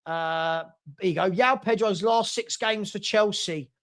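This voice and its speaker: A man's voice: high-pitched, a little slow, a bit bright. A middle-aged man from South London with a London accent, hosting a casual live-stream football chat and reading out scores and viewer messages.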